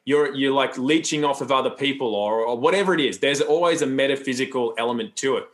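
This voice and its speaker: A man's voice: mid-range voice, fast. A man talking as a podcast guest, loose and rambling, with frequent restarts and asides. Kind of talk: casual interview talk.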